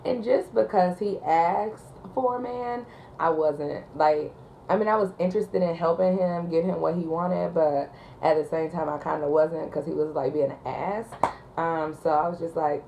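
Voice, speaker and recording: Low-pitched female dispatcher, chatty storyteller, loose and conversational, lots of filler words. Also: moderate pace, darkish tone, a little hiss or hum, rough recording. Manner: chatty, frequent ums and likes, laughs at her story. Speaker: 911 call taker and dispatcher. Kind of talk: casual storytime vlog.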